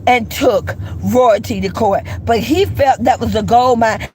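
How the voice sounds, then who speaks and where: A woman with a somewhat high, darkish voice speaks a little slowly over poor audio with slight background noise. She hosts a gossip commentary channel, giving profane opinions bluntly, swearing a lot, repeating herself, calling people insulting names, and firing off rhetorical questions.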